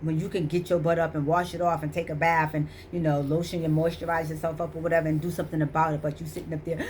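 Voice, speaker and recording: Woman, middle-aged, lower voice, faint ambient noise; emphatic casual motivational talker. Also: fast, few pauses. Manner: emphatic, repetitive, preachy and animated. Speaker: motivational vlogger.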